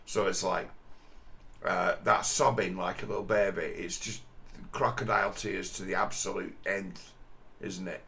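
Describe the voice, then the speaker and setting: A man's voice: low-pitched, fairly even intonation, unhurried, vocal fry, bright, forceful tone. A man giving a crude, scornful commentary over a video, often mimicking the people he mocks.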